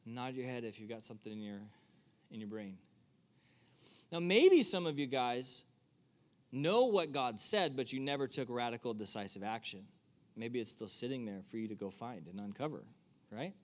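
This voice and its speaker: A man's voice: medium pitch, expressive, normal speed. Man preaching a conversational sermon. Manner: conversational, asks the audience direct questions. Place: church room with an audience.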